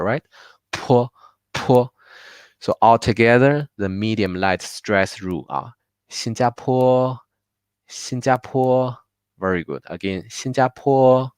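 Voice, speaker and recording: A man's voice: sits low, clean tone, dry recording. A man teaching a live online class, patiently drilling words aloud with many fillers. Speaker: Mandarin teacher. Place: home.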